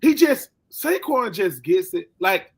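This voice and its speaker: A man hosting a casual sports chat, telling animated stories and acting out quotes in slangy talk. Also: sits high, slow pace, creaky, husky. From Philadelphia. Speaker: podcast host.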